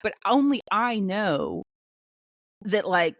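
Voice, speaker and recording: A woman co-hosting a podcast in casual chat, talking in an animated way with many fillers and restarts. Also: medium pitch, slow pace, no room sound, clean studio sound. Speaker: podcast co-host.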